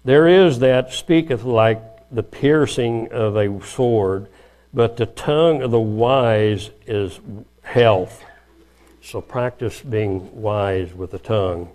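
A man's voice: lowish voice, slow pace, a little mellow. An older man preaching a sermon in a folksy, conversational way, acting out quoted dialogue as he goes.

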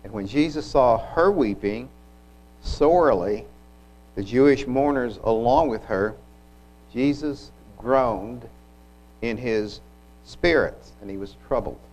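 A man preaching a sermon, retelling scripture in an unhurried, reflective way with occasional restarts. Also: mid-range voice, darkish tone, rough recording.

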